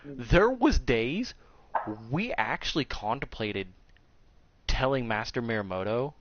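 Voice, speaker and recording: A man's voice: mid-range voice, animated, takes it slowly, lo-fi sound, noisy background. A man casually telling a profane anecdote in a drawling way. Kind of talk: casual storytelling.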